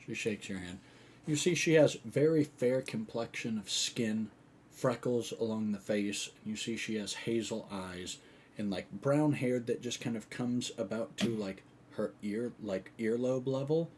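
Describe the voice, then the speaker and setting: A man's voice: fairly low pitch, a little slow, a little mellow, a little hiss or hum. A man narrating a tabletop game as game master, casual and descriptive.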